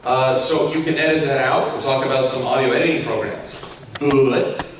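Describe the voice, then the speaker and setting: A man's voice: mid-range voice, steady tone, normal speed. A young man from Colorado giving a chatty, self-mocking talk as a YouTuber on a live convention panel. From Colorado, USA. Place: large convention hall with an audience. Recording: echoey hall from far off, faint hiss.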